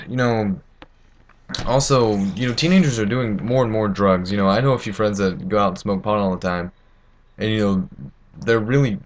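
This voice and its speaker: A teenage boy ranting to camera, indignant and rambling, with many fillers and restarts. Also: fairly low pitch. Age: teens. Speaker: vlogger. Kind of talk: opinion rant to camera.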